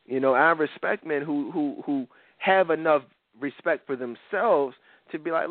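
A man talks as a show host in a loose, opinionated way, stumbling over repeated words as he goes. His voice sits a bit high for a man. The sound is thin and phone-like, with no room echo. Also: unhurried. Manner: blunt, rambling, repeats words, laughs often. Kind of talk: opinionated casual commentary. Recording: tinny phone-like audio.

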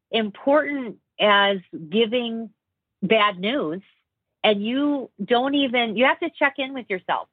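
A woman's voice: on the low side, dry recording. A woman communication trainer talking in an interview, explaining her points at length and demonstrating different tones of voice. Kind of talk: conversational interview. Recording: dry, phone-like call audio.

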